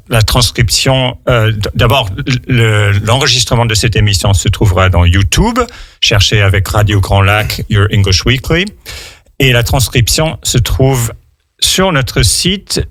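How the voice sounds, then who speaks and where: Guy hosting a radio chat for learners, halting, lots of ums, dead dry studio sound. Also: mid-range voice, fairly bright tone, no room sound. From United States. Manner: slow, hesitant, many fillers. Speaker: radio host. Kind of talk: bilingual radio interview for learners.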